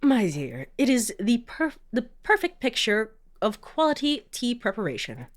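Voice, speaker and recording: A woman's voice: a little high, big pitch swings, unhurried, voice pushed up. A woman who is sick voices a pompous, refined tea connoisseur who speaks in grand, condescending flourishes. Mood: grandly pleased.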